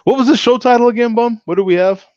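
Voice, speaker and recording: A man's voice: extremely high pitch, fast talker, darkish tone, no room sound, highs cut off. A man hosting a live beer talk show in casual chat. He rambles, with many fillers and restarts, and laughs often.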